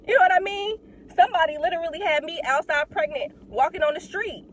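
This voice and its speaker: A woman's voice: very high-pitched, fast talker, a little hiss or hum, low-quality recording. A young woman, talking bluntly and with heavy swearing in a casual monologue while getting over a cold. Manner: blunt, profane, animated. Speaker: vlogger. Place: in a car.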